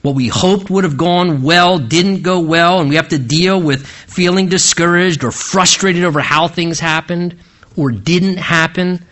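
A man's voice: a little high, measured pace, fairly bright tone. A man preaching an expository sermon, retelling the story dramatically and asking the listeners rhetorical questions.

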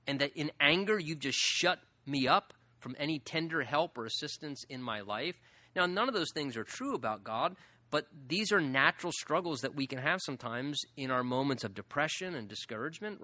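A man preaching a sermon in an earnest way, acting out pleading questions and leaning hard on drawn-out words. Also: on the high side, sharp tone, no room sound. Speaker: pastor.

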